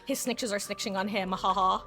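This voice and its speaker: Casual woman streamer on a desk mic, chatty and excitable, talks to chat while playing, middle-pitched voice. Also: faint music behind. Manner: chatty and excitable, quick bursts of laughter. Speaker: live game streamer. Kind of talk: casual gameplay chat with viewers.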